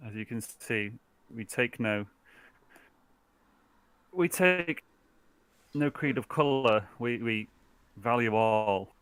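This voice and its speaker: Earnest dragonborn envoy played by a man, bright tone, measured formal delivery. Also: medium pitch, clean tone, dry recording. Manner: slow, formal petitioning speech.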